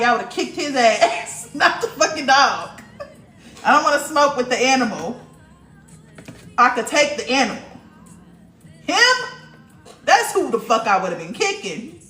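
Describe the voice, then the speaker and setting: A woman with a slightly high, somewhat bright voice hosts a casual livestream in a reverberant space. She talks bluntly and with plenty of profanity, addressing her viewers in the chat directly.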